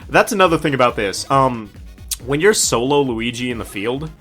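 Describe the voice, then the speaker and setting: A man's voice: mid-range voice, expressive, normal speed, fairly bright tone, faint music behind. A man casually commenting on a video game as he plays, chatty and joking. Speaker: let's play host. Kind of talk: gameplay commentary.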